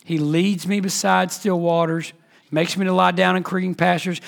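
A man pastor preaching a sermon emphatically, his voice dropping to a hush and then rising again. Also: high voice, flat delivery, normal speed, gravelly. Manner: emphatic preaching, swings between loud and hushed.

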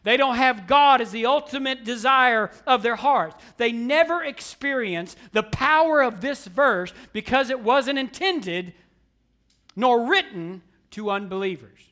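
A man preaching a sermon, emphatic and repetitive, swinging between quiet asides and loud declarations. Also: very high-pitched, expressive, measured pace. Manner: emphatic preaching with repetition, surging louder and softer. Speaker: pastor.

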